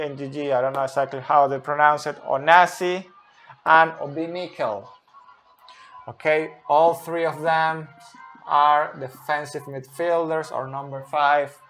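Fußballanalytiker, Spanisch als Muttersprache, etwas höhere Stimme, zögerlich, leise Musik im Hintergrund. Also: male voice, a little high. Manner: hesitant, searching for words, many fillers. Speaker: football analyst. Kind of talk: tactical analysis commentary.

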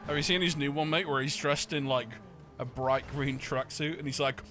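Bright-voiced chatty gamer. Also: male voice, a little high, fairly even intonation, moderate pace. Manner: laughing, chatty. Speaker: gaming friend. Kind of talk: casual gaming banter.

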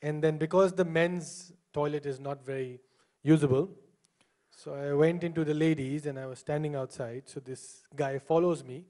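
At a live venue, a young comedian from India chats with the audience during his set, laughing often. His voice is a little high and his pace moderate.

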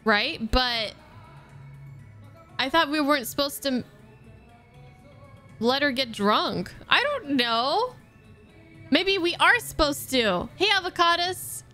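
High-voiced woman streamer, playful. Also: big pitch swings, slow pace, long pauses, bright, forceful tone, faint music behind. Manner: casual, swearing, playful. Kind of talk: live game commentary.

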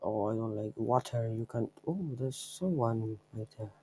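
A man's voice: on the low side, moderate pace, darkish tone, a little hiss or hum, low-quality recording. A young man giving offhand, rambling commentary over his own gameplay, showing a trick step by step. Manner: offhand, rambling, chuckles at himself. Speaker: gameplay video maker.

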